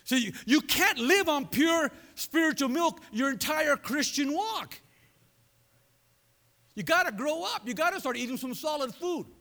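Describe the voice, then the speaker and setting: A man preaching a sermon as pastor, animated and conversational, throwing asides to his congregation. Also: extremely high pitch, a little slow. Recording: long reverb of a large hall.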